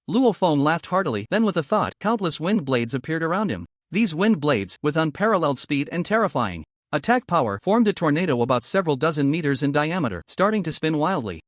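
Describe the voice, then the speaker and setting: A man narrating a fantasy story recap in an animated, dramatic manner. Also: on the high side, a little fast, hardly any pauses, no room sound, studio quality.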